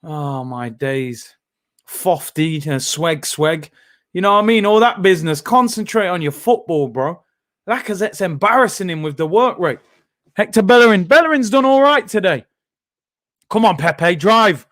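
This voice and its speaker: A young-sounding man hosts a live football watchalong, talking in quick slang and jumping into shouts when the play turns. His voice sits high for a man. The sound is close and dry, with no room in it. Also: no room sound. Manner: excitable, slangy, bursts into shouts. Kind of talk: live reactive commentary.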